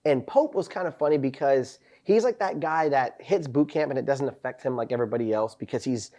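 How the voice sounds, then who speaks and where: A young man and podcast host telling boot camp stories in casual chat, animated and profane, acting out the voices of people in his stories. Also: mid-range voice, fairly quick.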